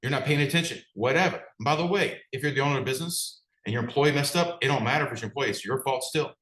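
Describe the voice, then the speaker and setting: Man, business coach, motivational talk, conversational, asks the crowd questions, medium pitch, roomy echo. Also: fast talker, fairly bright tone. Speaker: business coach for martial arts school owners.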